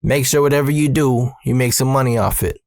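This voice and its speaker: A man voicing his father, a calm gangster, in a low, quiet tone. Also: brisk, vocal fry, no room sound, lightly acted.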